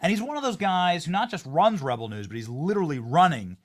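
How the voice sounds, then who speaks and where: A man hosting a political talk show, chatting emphatically and jumping in with quick reactions. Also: a little high, expressive. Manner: emphatic, interjecting. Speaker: show host.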